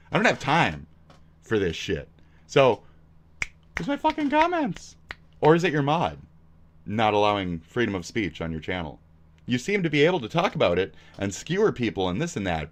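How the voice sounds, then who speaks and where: A man streaming reactions, combative and sarcastic, swearing and swinging from shouts to mutters. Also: medium pitch. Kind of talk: profane reaction stream commentary.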